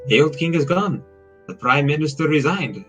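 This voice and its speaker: A man's voice: on the high side, expressive, normal speed, a bit bright, lo-fi sound, faint music behind, voice pushed up. A man voicing a young male sparrow assistant, reading the game's lines in a musing, wondering way.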